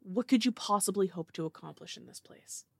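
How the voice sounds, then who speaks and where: A woman voicing an earnest young man who speaks softly and gently. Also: medium pitch, animated, a little fast, vocal fry, breathy edge, no room sound.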